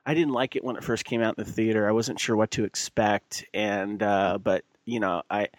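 A man's voice: lowish voice, steady tone, moderate pace, dry recording. A man hosting a podcast from the United States, rambling and laughing easily as he chats. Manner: rambling, laughs easily, many fillers and restarts. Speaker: podcast host. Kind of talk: casual chat.

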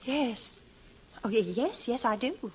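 A woman's voice: fairly high pitch, animated, takes it slowly, a little hiss or hum, rough recording. An actress playing a timid, eager-to-please landlady who stammers in flustered deference, in an old-time radio drama.

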